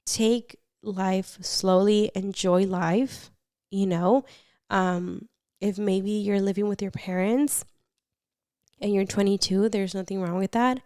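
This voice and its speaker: A young woman hosting a casual advice podcast, chatty and animated, reading confessions and swearing casually. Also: mid-range voice, dry recording, clean studio sound. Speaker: podcast host.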